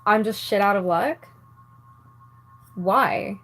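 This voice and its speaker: A woman's voice: mid-range voice, slow pace, fairly bright tone, faint music behind. Annoyed woman venting to camera. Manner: exasperated, swears a lot, filler-heavy; talks while doing her makeup. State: angry and annoyed. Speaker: vlogger. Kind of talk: casual rant to camera.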